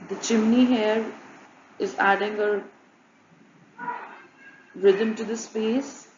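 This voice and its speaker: Woman flatly narrating a design presentation. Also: medium pitch, slow, a little hiss or hum. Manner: flat, repetitive listing of examples. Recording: muffled, echoey room with faint ambience.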